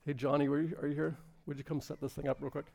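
A man's voice: on the high side, level tone, fast, creaky, darkish tone. A man preaching a fervent, earnest sermon to a congregation in a room. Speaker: pastor.

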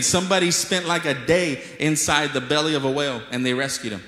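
A man's voice: on the high side, quick pace, few pauses. A man preaching a sermon to a congregation, telling stories playfully and acting out the voices of the people in them. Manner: lively storytelling preacher, acts out voices, jokes with the congregation. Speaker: pastor. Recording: echoey hall with long reverb.

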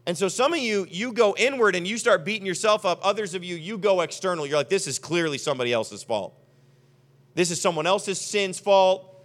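High-voiced animated young male pastor. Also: fairly quick, few pauses. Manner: animated, acts out imagined voices of listeners. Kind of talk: sermon.

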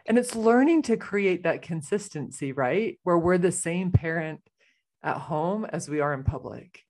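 A woman with a somewhat low voice explains her points calmly as a podcast guest. She talks in an easy, steady way and often checks in with a quick "right?". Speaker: guest parenting expert. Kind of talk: casual chat.

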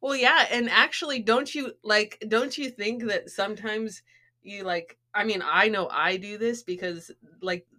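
A woman's voice: medium pitch, measured pace, sharp tone. A middle-aged woman co-hosting a podcast in casual chat, rambling with lots of "like" and restarts. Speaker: podcast co-host.

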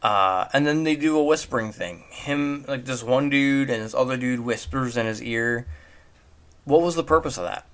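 A man's voice: mid-range voice, moderate pace, fairly bright tone. A man giving casual commentary on a film, rambling and incredulous, firing off rhetorical questions. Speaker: movie reviewer.

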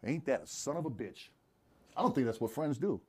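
A man's voice: medium pitch, expressive, a little fast, darkish tone, breathy edge. A man playing a lawyer in an improvised mock courtroom comedy, crude and mocking, questioning with theatrical flair.

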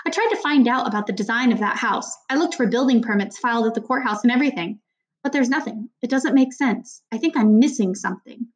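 A woman's voice: on the high side, animated, quick pace, close to an everyday voice. A woman reading a worried middle-aged mother's lines in an audiobook, hesitant with forced heartiness.

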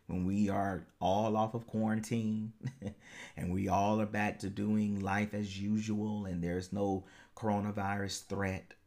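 Deep-voiced man hosting a solo podcast. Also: a little mellow. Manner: earnest, encouraging, laughs easily. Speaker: podcast host and life coach.

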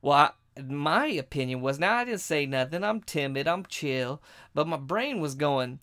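A man hosting a podcast, telling a story as a crude, animated rant. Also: fairly high pitch, moderate pace. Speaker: podcast host.

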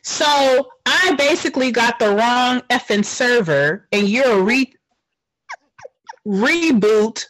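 A woman's voice: a little high, a bit bright, no room sound, poor audio. A woman co-hosting a podcast, reacting with sassy, mock-outraged commentary in casual chat. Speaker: podcast co-host.

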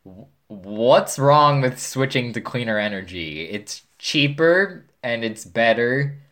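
A young woman in casual chat, quick and teasing, asking curious questions. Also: rumbling low, expressive. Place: basement.

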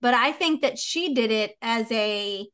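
Bright, excitable young woman swearing freely. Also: fairly high pitch, unhurried. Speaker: podcast co-host. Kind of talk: casual book club chat.

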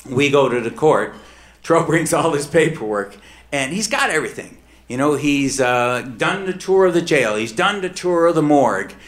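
A middle-aged man telling a personal true story on stage, emphatic and swinging between hushed and heated. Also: on the high side, animated, moderate pace.

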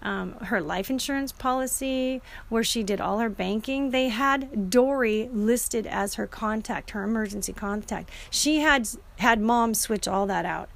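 A woman's voice: on the high side, measured pace, creaky, hardly any pauses. A middle-aged woman telling a personal story in a casual, earnest and emotional way, often restarting her sentences.

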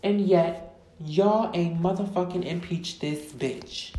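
A woman podcast host, ranting loudly and emphatically, full of profanity, with words drawn out for stress. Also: on the low side, slow pace, long pauses. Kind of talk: profane casual rant. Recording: echoey room.

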